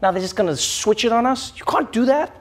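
A man delivering a comedy monologue as host, animated and mocking, slipping into shrill impressions. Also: fairly quick. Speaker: late-night comedy host. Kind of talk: stand-up style monologue.

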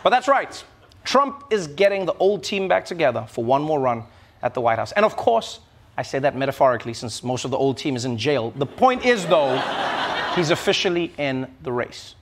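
A man's voice: very animated, moderate pace, slight background noise. A man hosting a late-night comedy show, delivering a sarcastic monologue with punchy jokes. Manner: sarcastic, punchy jokes with big pitch swings.

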